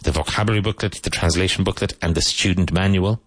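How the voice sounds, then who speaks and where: Deep voiced guy teaching english words, dry close sound, says each word twice. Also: steady tone, fairly bright tone, no room sound. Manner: repeats words slowly and stresses syllables for learners. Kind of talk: radio-style language lesson.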